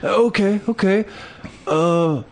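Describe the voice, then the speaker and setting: A man's voice: sits high, takes it slowly, a little hiss or hum, voice pushed up. A man voicing a drunk, bearded homeless man who stammers and dodges questions in a comic story. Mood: evasive. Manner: hesitant, stammering, trailing off.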